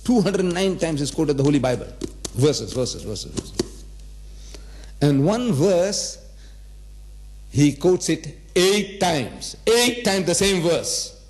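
A man's voice: a little high, big pitch swings, slow, long pauses, darkish tone. Man in his seventies, religious lecturer, emphatic, repeats himself, rhetorical questions. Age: 70s. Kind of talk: public lecture to a live audience.

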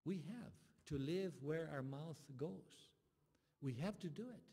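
A male pastor preaches a passionate sermon in a voice pitched a little high for a man, animated yet unhurried and slightly rough. He sinks to near-whispers, then rises to loud, urgent pleas, swinging between soft and loud. The church sanctuary's long reverb trails each phrase.

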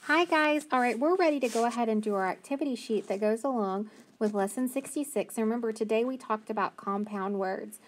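A woman's voice: fairly high pitch, slight background noise. Patient woman teaching phonics to kids. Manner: patient, encouraging, sounds out letters slowly. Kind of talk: phonics lesson for young children.

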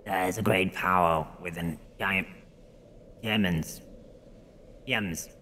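Guy putting on a low creepy ice spirit voice, ancient and ominous, drags every word out slow. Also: pushed and bright, slight background noise, heavily acted. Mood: solemn. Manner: slow, solemn, drawn-out delivery. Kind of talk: gameplay dialogue read in a put-on voice.

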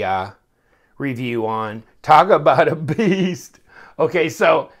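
A man with a gravelly, creaky voice talks slowly through a casual product review. His pitch rises and falls in a lively way. He rambles, chuckles often and breaks off mid-thought. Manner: chuckling, rambling, self-interrupting. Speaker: knife reviewer.

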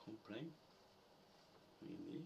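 A man's voice: very slow, a little mellow, recorded from a distance, slight background noise, poor audio. A man ranting and swearing as he rambles to camera, muttering to himself while he hunts for a note. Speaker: video poster.

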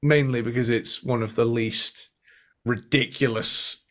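A man's voice: medium pitch, steady tone, measured pace, fairly bright tone. A man co-hosting a podcast, chatting casually and with enthusiasm, humming guitar riffs and swearing freely. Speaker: podcast co-host. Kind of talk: casual chat.

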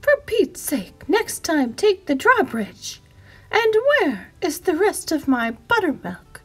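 A woman's voice: high-pitched, very animated, slow pace, pitched above the performer's own voice, exaggerated voice. A woman putting on a scolding, exasperated queen. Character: fussy, exasperated queen of a castle.

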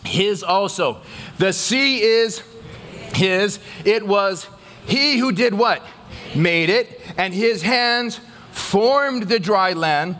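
A man pastor preaching a sermon to his church, asking the congregation questions and pausing for their answers. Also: high-pitched, lively intonation, a bit bright, slight background noise.

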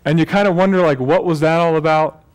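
A man's voice: on the high side, fairly even intonation, fast talker, smooth. A man preaching a sermon as pastor, talking in a loose, joking way and often correcting himself mid-sentence. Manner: conversational and joking, with self-corrections. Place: church.

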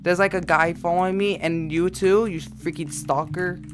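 A man's voice: high voice, fairly even intonation, moderate pace, a little hiss or hum. A male gaming YouTuber giving jumpy horror gameplay commentary, repeating frightened exclamations.

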